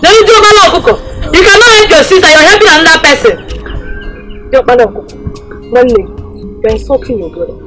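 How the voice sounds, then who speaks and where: An actress playing a sharp-tongued young village woman who scolds emphatically, with a Nigerian accent. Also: fairly high pitch, normal speed, long pauses, over loud music, close to an everyday voice, poor audio. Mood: scolding.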